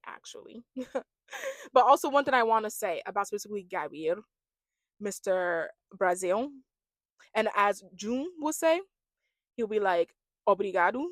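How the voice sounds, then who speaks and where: A woman giving a gossipy, animated recap of a reality dating show, imitating the cast as she goes. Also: mid-range voice, no room sound. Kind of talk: casual reaction commentary.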